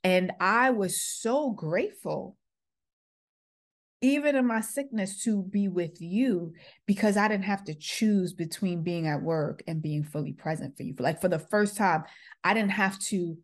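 A woman's voice: lowish voice, measured pace. A middle-aged woman, a former school principal, earnestly telling a personal story and acting out the quoted exchanges. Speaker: podcast host, former principal.

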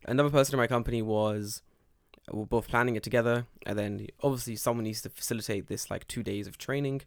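Young man, casual podcast co-host, animated and profane, plays out dialogue; dry close sound. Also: medium pitch, fast talker, gravelly, no room sound. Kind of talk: casual storytelling chat.

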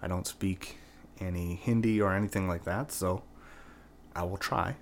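A man's voice: sits low, fairly even intonation, moderate pace, slight background noise. A man from Canada telling a personal anecdote in a casual, profane, rambling way, full of "like" and "right?". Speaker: storyteller.

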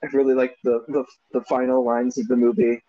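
A man's voice: medium pitch, level tone, a little fast, mellow. A man co-hosting a casual movie discussion podcast, laughing often and animatedly quoting lines from the film. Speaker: podcast co-host. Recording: dull lo-fi sound.

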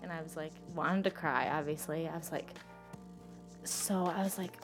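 A young woman recounts something personal for an interview, rambling, emotional, and leaning on "like" constantly in casual speech. She talks at normal speed in a voice on the low side, with soft music in the background.

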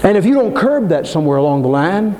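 An older man preaching a dramatic sermon in a church, swinging between soaring emphasis and low asides. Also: sing-song, quick pace, warm tone. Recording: long hall reverb.

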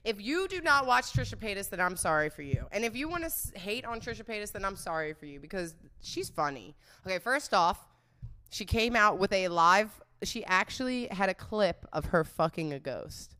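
A woman's voice: mid-range voice, very animated, normal speed, sharp tone. A young adult woman hosting a podcast in casual chat, crude and rambling, slipping into mocking voices when she quotes people. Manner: mocking put-on voices when quoting others. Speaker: podcast host.

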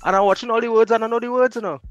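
A man with a Trinidadian accent, a radio host chatting as a podcast guest, telling animated stories. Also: very high-pitched, rapid-fire, no room sound, lo-fi sound. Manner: animated storyteller, laughs easily. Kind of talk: casual chat.

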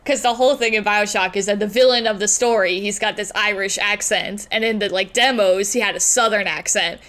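A woman's voice: mid-range voice, brisk, fairly bright tone. A woman co-hosting a casual movie podcast, joking playfully and rambling through her thoughts. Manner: jokey, playful, rambling, laughs a lot. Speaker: podcast co-host.

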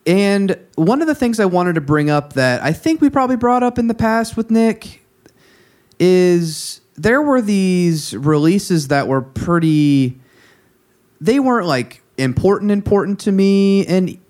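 Male podcast co-host, loose conversational delivery, halting with fillers. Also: high-pitched, animated, a little mellow. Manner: rambling, many fillers and restarts. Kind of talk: casual music chat.

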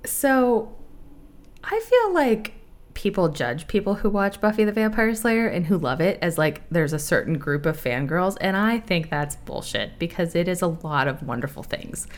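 A woman in her thirties hosting a podcast, chatting candidly and laughing often, with a profane, animated way of telling stories. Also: fairly low pitch, normal speed. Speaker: podcast host. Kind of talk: casual podcast chat.

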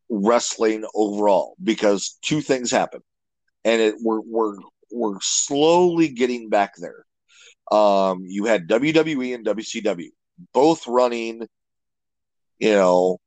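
A man of middle pitch talks wrestling in an opinionated, rambling way, stopping to restart his sentences. He is close to the mic and the sound is very dry. It comes across as an unscripted podcast chat. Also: dry recording, low-quality recording. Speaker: guest wrestling commentator. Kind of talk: casual podcast interview.

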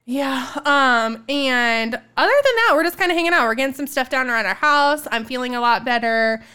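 A young woman chats through a story with an animated, laughing delivery, her voice high and smooth. She keeps it loose and conversational, with plenty of fillers. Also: brisk. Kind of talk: casual storytelling chat.

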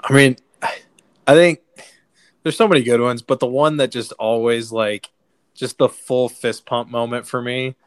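A man's voice: mid-range voice, fairly even intonation, unhurried, pauses often, smooth, no room sound. A man hosting a casual film podcast, talking loosely with lots of fillers and plenty of enthusiasm. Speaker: podcast host. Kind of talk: casual movie discussion.

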